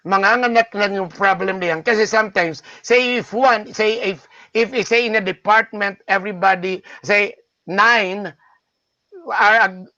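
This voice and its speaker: High bright Filipino man, excitable host. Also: dry recording, muffled recording. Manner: excitable, interrupts and apologizes, restarts often. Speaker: talk show host. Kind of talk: casual interview hosting mixing English and Tagalog.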